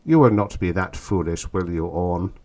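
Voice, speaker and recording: A proud, cunning alien warrior chief, cold and boastful in every word, as a male narrator puts him on. The voice is low and threatening, reading like a vintage science fiction audiobook. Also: animated, moderate pace, darkish tone. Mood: menacing.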